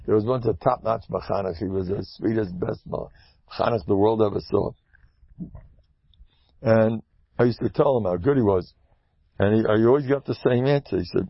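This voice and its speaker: An older rabbi with a husky voice preaches in a lively, joking way. He leaps up into loud high-pitched outbursts, then drops to soft asides. The recording is dull and dry. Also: normal speed, pauses often, no echo. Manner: animated, swings to loud high exclamations and hushed asides. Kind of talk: lively Torah talk with jokes.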